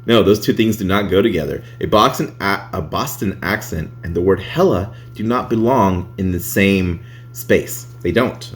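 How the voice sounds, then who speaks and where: A man's voice: sits low, moderate pace. A man chatting casually on a vlog, reading reviews aloud, laughing often and swearing freely.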